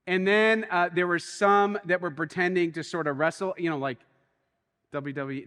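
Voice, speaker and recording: This male pastor has a bright, high voice and speaks at a normal speed. He animatedly tells a story in his sermon, going quiet before swelling with excitement, while a long reverb lingers through the church hall.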